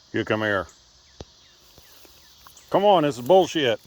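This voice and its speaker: A man's voice: medium pitch, sing-song, slow pace, pauses often. A man chatting playfully to his pets outdoors by a river, teasing, coaxing and laughing often. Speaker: pet owner filming his animals. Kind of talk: casual talk to pets.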